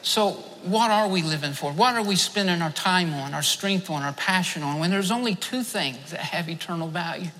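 A man's voice: sits high, normal speed, few pauses, pushed and bright. A male preacher delivering a fervent sermon, repeating phrases for emphasis and telling a story from a dream. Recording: long hall reverb.

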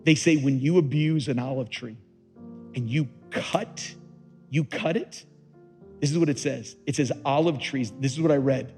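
A man preaching a sermon as pastor, moving between hushed, slow passages and loud, rising emphasis. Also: mid-range voice, faint music behind.

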